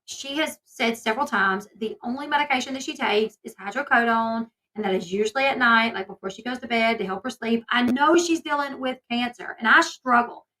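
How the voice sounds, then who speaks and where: This woman speaks in a bright, crisp voice that sits a little higher than most. She talks casually to her viewers, stringing her thoughts together with lots of fillers. She sounds like someone venting during a gossip commentary vlog. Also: a little fast, hardly any pauses, poor audio. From Southern United States. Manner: chatty, filler-heavy, indignant storytelling. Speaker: commentary YouTuber.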